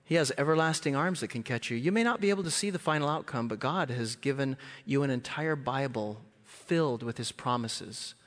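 A man preaching a sermon in a church, telling stories animatedly and jumping into high voices to act out scenes. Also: fairly quick, hardly any pauses, big-room sound. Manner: animated, jumps into high squeals when acting out scenes. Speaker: guest preacher. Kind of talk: sermon with storytelling.

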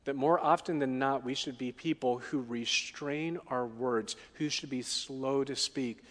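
A man preaching a sermon in a middle-pitched voice, putting questions to the congregation as he goes. His voice carries a long reverb from the hall. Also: steady tone, a little slow, fairly bright tone. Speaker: pastor.

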